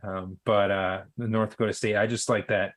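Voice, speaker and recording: A man's voice: lowish voice, level tone, normal speed. A man co-hosting a sports podcast, telling rambling stories full of fillers and restarts. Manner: rambling storyteller with many fillers. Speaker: podcast co-host. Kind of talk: casual sports chat.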